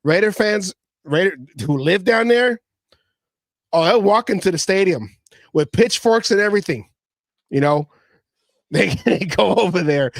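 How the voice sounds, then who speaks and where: High-voiced excitable male sports host. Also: a little slow, gravelly, pauses often, dry recording. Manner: animated, stammering and repeating words; mimics others in quoted voices. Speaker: podcast host. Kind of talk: casual sports chat.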